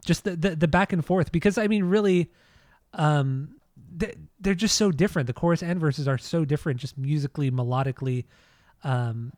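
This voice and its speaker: A man in casual podcast talk who gushes with enthusiasm and laughs easily, often tripping over his words before he gets them out. His voice sits a little high, and the sound is dry and close. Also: a little mellow, no room sound. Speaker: podcast co-host. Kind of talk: casual music chat.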